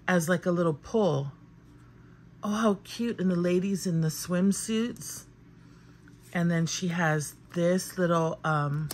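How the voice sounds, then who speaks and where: A woman hosting a crafting channel, chatting casually and gushing with excitement as she opens mail. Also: on the low side, slight background noise. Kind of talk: casual unboxing vlog chat.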